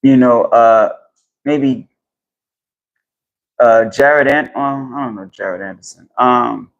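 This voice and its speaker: A man rambling casually and profanely on a phone live stream while walking outdoors, getting animated as he talks. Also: medium pitch, takes it slowly, dull audio. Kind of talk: casual live-stream chat about boxing. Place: outdoors in the heat. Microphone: phone held while walking outdoors.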